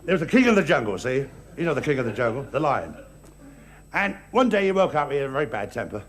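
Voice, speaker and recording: A man's voice: mid-range voice, big pitch swings, fast, noisy background. A man doing a live stand-up routine, stumbling over words and giggling at his own jokes. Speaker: stand-up comedian. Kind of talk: live stage comedy routine. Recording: live stage, loud audience laughter.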